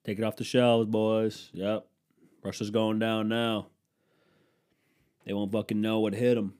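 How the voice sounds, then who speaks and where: A man's voice: lowish voice, flat delivery, unhurried, clear, resonant tone. Stuffy-nosed man on a swearing comedy rant. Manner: swearing, ranting, swings between loud and muttered. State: stuffy nose. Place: room at home with a dehumidifier running.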